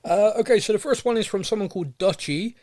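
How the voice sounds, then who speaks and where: A young man hosting a podcast in a casual, playful chat, full of jokes and quick asides. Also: sits high, a little mellow, no room sound. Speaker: podcast host.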